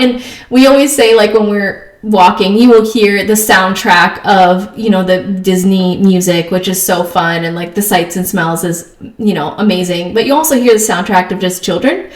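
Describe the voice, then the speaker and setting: A woman's voice: mid-range voice, recorded from a distance. Woman host, casual storytelling chat, filler-heavy and laughing, echoey room. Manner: chatty, many fillers, laughs while telling stories. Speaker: podcast host.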